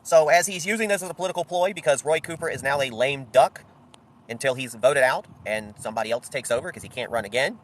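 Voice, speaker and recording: A man's voice: mid-range voice, fast. A middle-aged man giving solo political commentary, blunt and sarcastic in tone.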